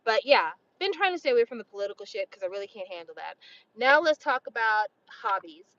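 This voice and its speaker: A woman's voice: a little high, big pitch swings, fast talker, a bit bright, dry recording, dull audio. A woman in her forties talking casually to camera, blunt and opinionated, swearing freely. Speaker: vlogger.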